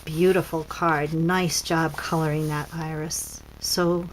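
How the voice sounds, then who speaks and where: A woman's voice: low voice, little pitch movement, slow, slight background noise, rough recording. A woman casually demonstrating papercraft cards as a seller, chatty and pointing things out with frequent ums.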